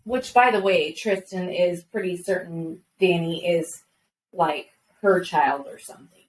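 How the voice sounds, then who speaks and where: A woman co-hosting a casual podcast, chatting and backing up her friend with quick, emphatic replies. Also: on the low side, recorded from a distance, a little hiss or hum, rough recording. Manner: quick, emphatic agreement and reassurance. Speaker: podcast co-host. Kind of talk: casual chat.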